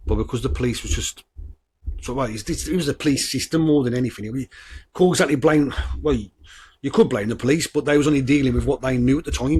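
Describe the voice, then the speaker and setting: A man's voice: medium pitch, a little mellow, breathy edge. A man hosting a true-crime podcast, talking bluntly with swearing, stumbles and restarts, and reading from his notes. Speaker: podcast host.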